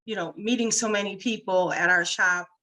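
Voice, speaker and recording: A woman's voice: mid-range voice, normal speed, pushed and bright, poor audio. A woman business founder telling her story in a casual interview, chatty and full of "you know" fillers. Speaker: small business founder, guest.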